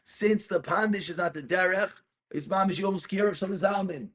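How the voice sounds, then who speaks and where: A man's voice: high-pitched, normal speed, a little hiss or hum. A man teaching an in-depth class on Jewish law, reading Hebrew texts aloud and explaining them.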